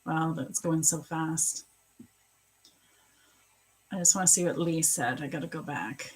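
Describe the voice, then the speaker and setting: A woman's voice: sits low, unhurried, pauses often, husky, rough recording. Effusive woman giving psychic readings. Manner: effusive, emotional, rambling with fillers. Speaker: psychic medium and spiritual coach. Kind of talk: live-streamed psychic reading.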